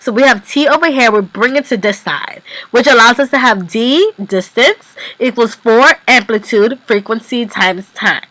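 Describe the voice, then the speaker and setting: Young woman, stuffy nasal cold voice, methodical homework explainer, lively high pitch. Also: normal speed, no room sound, poor audio. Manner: methodical, repeats steps. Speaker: student explaining a physics problem. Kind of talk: step-by-step homework walkthrough.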